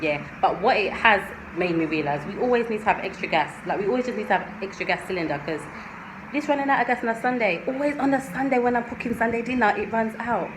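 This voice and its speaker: A woman's voice: mid-range voice, expressive, fast. A woman chatting and ranting in a casual home vlog from her kitchen. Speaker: vlogger. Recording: noisy home recording.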